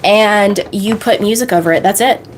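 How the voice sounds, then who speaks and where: A woman coach answering viewer questions on a livestream in a bubbly, fast way. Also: medium pitch, a little hiss or hum. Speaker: manifestation coach.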